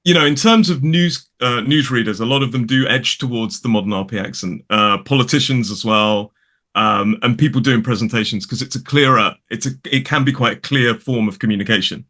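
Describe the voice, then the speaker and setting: A chatty British English man with a bright, forceful voice and a mid-range pitch. He talks as a guest from his home studio, often correcting himself mid-sentence and laughing. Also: fairly quick. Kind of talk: casual conversation. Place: home studio in a spare room.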